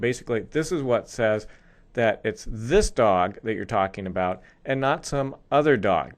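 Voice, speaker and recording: Man explaining code in a screencast. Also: mid-range voice. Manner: explains step by step while typing code. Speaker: programming instructor. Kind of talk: screencast coding lesson.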